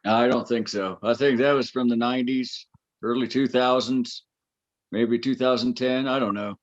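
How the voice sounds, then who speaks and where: Animated storyteller man, dull lo-fi sound. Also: mid-range voice, normal speed. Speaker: podcast co-host. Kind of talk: casual family storytelling chat.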